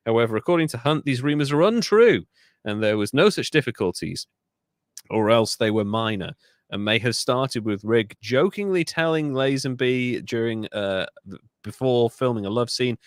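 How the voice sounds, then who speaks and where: A man with an ordinary mid-range voice co-hosts a comedic history podcast. He is animated and swears freely as he tells the story. The sound is dry and close, with no room echo. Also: medium pitch, normal speed, clear, resonant tone. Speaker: podcast co-host.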